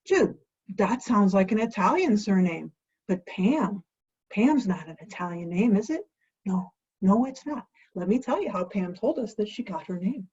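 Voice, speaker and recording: A woman's voice: medium pitch, animated, normal speed, darkish tone, breathy edge. Lady hosting her cocktail vlog, playful and chatty, kinda dull lo-fi sound. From United States. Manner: playful, chatty, asks and answers her own questions. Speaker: host of a home cocktail show.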